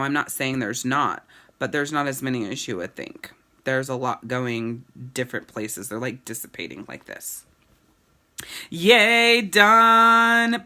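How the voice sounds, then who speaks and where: A woman's voice: rumbling low, sharp tone. A woman running a casual live video for her followers, candid and gushing, swearing casually as she talks about her clothing business. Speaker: boutique owner and sales consultant.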